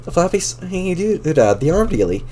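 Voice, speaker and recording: Guy doing a flustered teen girl, squeaky and shouty, kinda mellow, bit of hiss behind. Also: sing-song, moderate pace. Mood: frantic excitement. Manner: squealing, stammering, shouting in a pitched-up voice. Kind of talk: reading a webcomic chat log aloud.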